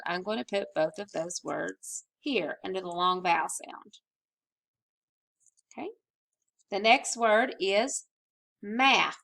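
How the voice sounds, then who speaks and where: A woman teaching a recorded spelling lesson, patient and slow, stretching out vowel sounds. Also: medium pitch, creaky, a bit bright.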